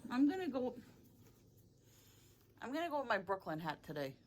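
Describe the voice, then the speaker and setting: A woman's voice: on the high side, very animated, moderate pace, a little hiss or hum. A woman, rambling and repeating herself as she chats to the camera in a casual vlog. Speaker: vlogger. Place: at home, then in her car.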